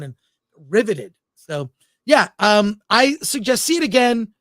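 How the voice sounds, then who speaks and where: A man's voice: high voice, expressive, moderate pace, a bit bright, no echo, clean studio sound. A man co-hosting a film podcast in casual, opinionated chat, reading out live chat comments as he goes. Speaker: podcast co-host.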